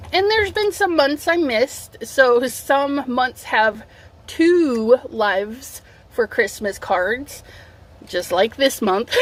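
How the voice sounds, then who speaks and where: Her voice sits high with a fairly bright tone. She's a middle-aged woman casually hosting a craft livestream on her phone at home, chatting through setup, reading viewer comments aloud and sniffling a bit from allergies.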